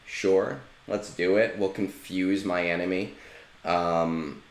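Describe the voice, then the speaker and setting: A male game streamer talks casually in a lowish voice, loose and swearing freely. His voice carries a noticeable room echo, as if he sits in a bare space. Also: steady tone, takes it slowly, gravelly. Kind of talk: casual live-stream chat.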